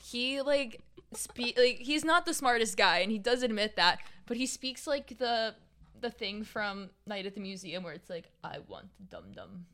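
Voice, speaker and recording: A woman's voice: a little high, normal speed, sharp tone. A young woman co-hosting a casual podcast, gossiping and laughing often. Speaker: podcast co-host. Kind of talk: casual chat.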